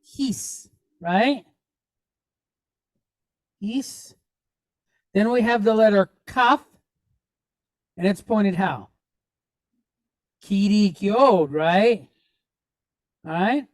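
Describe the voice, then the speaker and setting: A woman's voice: mid-range voice, animated, very slow, long pauses, darkish tone, no echo. A woman teaching a Hebrew reading lesson, patiently naming each letter and vowel point and checking in with the class as she goes. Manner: checks in with frequent "right?".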